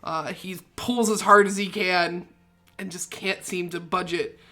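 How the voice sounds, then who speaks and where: Woman game master, bright voice, slow narration. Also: lowish voice, steady tone, soft background music.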